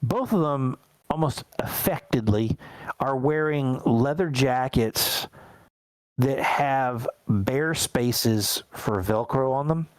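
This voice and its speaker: Relaxed man running a tabletop game. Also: mid-range voice, takes it slowly, no echo, poor audio. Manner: relaxed, rambling narration with fillers. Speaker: game master.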